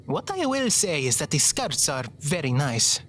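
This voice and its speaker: A woman's voice: low-pitched, big pitch swings, moderate pace, slight background noise. A woman voicing a wry, sarcastic female companion in a game, with dry teasing remarks. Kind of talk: game character dialogue.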